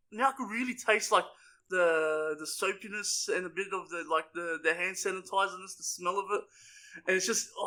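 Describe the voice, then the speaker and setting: Young guy on a podcast, high bright voice, swearing nonstop, laughing thru his stories. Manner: swearing, rowdy, laughing storyteller. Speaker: podcast co-host. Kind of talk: casual storytelling chat.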